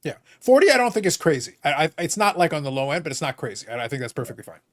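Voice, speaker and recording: A man's voice: a little high, big pitch swings, very fast, no echo, studio quality. A man hosting a live stream, reading viewer comments aloud and joking with his co-hosts in casual banter. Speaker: livestream host.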